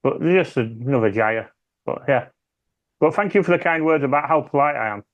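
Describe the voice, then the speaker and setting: A man's voice: mid-range voice, lively intonation, moderate pace, lo-fi sound. A British man chatting casually on a podcast, rambling and trailing off as he talks. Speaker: podcast panelist. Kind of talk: casual chat.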